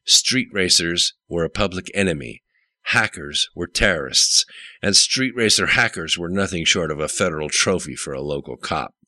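A man narrates an audiobook with a very deep, low voice that still sounds bright and forceful. His delivery is steady and matter-of-fact. The recording is dry and close. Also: normal speed, no echo. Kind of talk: scripted narration.

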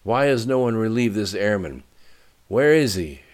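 A man's voice: medium pitch, lively intonation, unhurried, voice pushed up, lightly acted. Male narrator playing a commanding colonel, raised voice, barking orders.

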